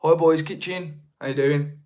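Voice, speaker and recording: A man's voice: fairly high pitch, steady tone, normal speed, a little mellow. A young man with a Birmingham accent, hosting a casual livestream and chatting with viewers in a rambling way, full of restarts. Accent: Birmingham (Brummie). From Birmingham, England. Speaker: livestream host. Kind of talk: casual live chat reading viewer comments.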